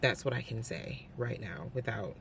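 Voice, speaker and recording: A woman's voice: a bass voice, moderate pace, creaky, noisy background. A young adult woman chatting casually in a reading vlog, giving candid, opinionated reactions to books. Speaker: book vlogger.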